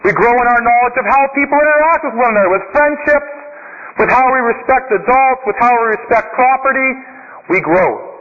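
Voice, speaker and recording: A man's voice: very high-pitched, expressive, brisk. A man preaching a sermon, telling stories and building his points in rhythmic lists. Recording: dull sound with long reverb.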